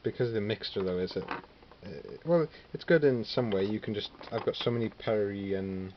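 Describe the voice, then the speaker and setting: In a voice on the low side and at a moderate pace, a Welsh wargaming hobbyist casually shows his miniature figures. He thinks aloud, leaning on many fillers and frequently correcting himself during this relaxed tour of his collection. Clear background noise sits under a slightly dull, lo-fi recording.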